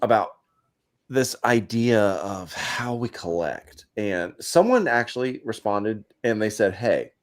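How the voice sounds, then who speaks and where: A man's voice: on the low side, lively intonation, slow pace. A man co-hosting a casual livestream. He talks a lot and explains his points at length. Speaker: co-host.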